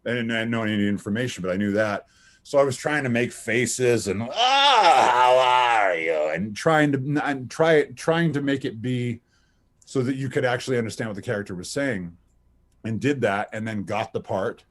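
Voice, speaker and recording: A man in his thirties, a voice actor being interviewed, who tells anecdotes in a lively, laughing, casual way. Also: mid-range voice, moderate pace. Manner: animated, anecdotal, laughs often, many restarts. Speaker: voice actor guest.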